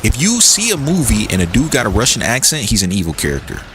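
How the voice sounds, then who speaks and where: Quick-paced and lowish in pitch, this young man streams a game while bantering with viewers. He's lively and playful, reading chat aloud and answering it, with slight noise in the background.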